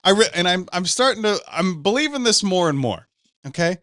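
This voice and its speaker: A man's voice: high voice, fairly quick, no echo, clean studio sound. A man hosting a podcast, swearing freely as he tells stories in casual banter. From Pacific Northwest. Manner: profane, animated storytelling. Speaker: podcast host.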